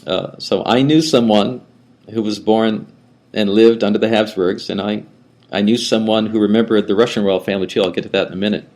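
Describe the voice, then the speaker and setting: An older male priest gives a relaxed class lecture in a fairly low voice. He wanders through asides and often restarts his sentences. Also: a little fast. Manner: rambling, with frequent restarts and asides. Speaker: Orthodox priest teaching a class. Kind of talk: conversational lecture.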